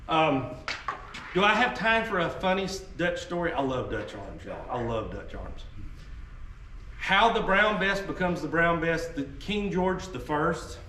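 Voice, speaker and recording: Man, folksy joking history presenter, slightly high voice, recorded from a distance. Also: sing-song, unhurried, bright, forceful tone, a little hiss or hum. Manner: folksy, joking, tangent-prone storyteller. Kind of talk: casual teaching talk to an audience. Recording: echoey room, mic far off, faint ambience.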